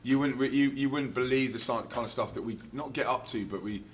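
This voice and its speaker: A man's voice: mid-range voice, brisk, slight background noise. A man chats casually as an interview guest, spinning stories from the road. He laughs easily and acts out quotes at full volume. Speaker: touring Christian musician, interview guest. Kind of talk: casual anecdotal storytelling.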